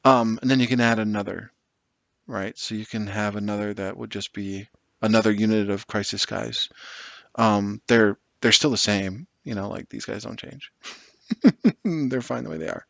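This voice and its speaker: A low, gravelly, slightly bright male voice in a dry recording with the highs cut off rambles over building a tabletop wargame army list. He sounds sarcastic and exasperated, swearing now and then in casual commentary.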